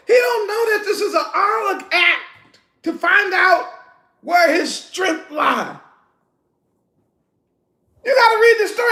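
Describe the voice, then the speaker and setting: A man preaches a sermon at full volume, emphatic and laughing, with slangy street talk. His voice is high and gravelly. The sound rings around an echoing room. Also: bright, forceful tone. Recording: echoey room.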